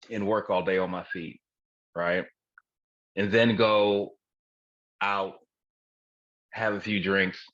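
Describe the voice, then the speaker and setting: Low-voiced with a slightly bright tone, a forties-aged man co-hosts a podcast, joking frankly and profanely and laughing at his own lines. There's no room sound, and the recording comes across dull, dry and lo-fi.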